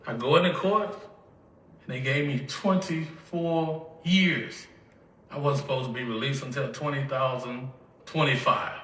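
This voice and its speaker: This is a forceful, bright, medium-pitched voice of an older Mississippi man with a Southern accent, crying as he relates his life story. He brings back past conversations by acting them out, in an emotional testimony recorded from a distance in an echoey room.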